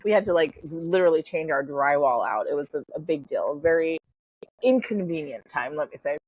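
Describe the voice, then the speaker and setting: Middle-aged woman guest, chatty storyteller, husky, dry, slightly dull lo-fi recording. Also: low voice, expressive, brisk, no echo. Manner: chatty, full of "like" and "you know", laughs easily. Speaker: podcast guest, spiritual coach. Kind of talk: casual storytelling in an interview.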